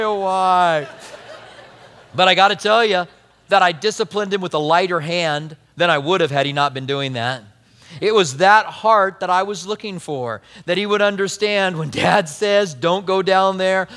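High-voiced pastor in a reverberant hall. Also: male voice. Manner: conversational storytelling, animated. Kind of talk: sermon.

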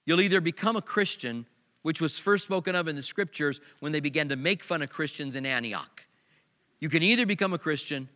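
A pastor preaching a sermon, animated, with sharp swings in pitch and loudness. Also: male voice, in a large hall.

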